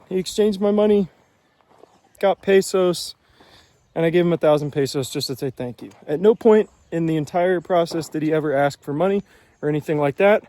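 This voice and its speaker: A man in his twenties from the United States telling a travel story casually to the camera, animated, acting out what people said in his own voice, with wry self-deprecating asides. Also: fairly high pitch, no echo. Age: 20s. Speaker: vlogger.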